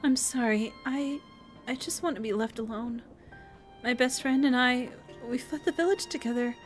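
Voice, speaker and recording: A woman voicing a grieving young villager in a fantasy game, speaking in a halting, hurt way. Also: a little high, soft background music, voice pushed up, close to an everyday voice. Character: grieving young villager who lost a friend.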